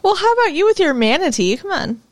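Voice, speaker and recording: A woman's voice: extremely high pitch, fast talker, background noise. A woman co-hosting a podcast, chatting casually about a TV episode, laughing often and filling her speech with fillers. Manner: giggly, lively, talks with frequent fillers. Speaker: podcast co-host. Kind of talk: casual chat recapping a TV episode.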